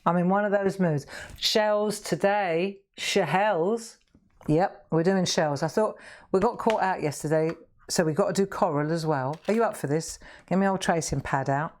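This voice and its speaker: A woman's voice: fairly low pitch, moderate pace, a little mellow. A middle-aged woman chatting casually to viewers while crafting live, laughing often. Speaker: craft livestream host.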